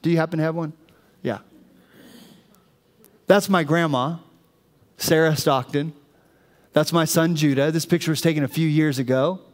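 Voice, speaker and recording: The congregation hears a pastor preach in a slightly high voice, moderately paced and broken by frequent pauses, as he tells his stories with animation. His words ring with the long reverb of the church sanctuary.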